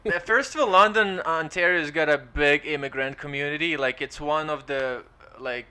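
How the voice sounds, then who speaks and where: A man's voice: a little high, normal speed, pushed and bright, smooth. A young man from Ukraine, a stand-up comic chatting casually as a podcast guest, joking, laughing often and rambling loosely. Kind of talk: casual chat.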